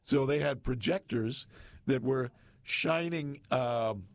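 A man's voice: medium pitch, slow, dry recording. A man co-hosting a casual radio chat, explaining history and quizzing his partner. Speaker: radio co-host. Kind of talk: casual radio chat reading old newspapers.

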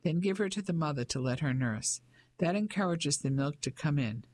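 A narrator voicing a stern male country doctor who speaks firmly and briskly in an audiobook. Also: mid-range voice, lively intonation, darkish tone, no room sound, natural voice. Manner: firm, brisk and measured.

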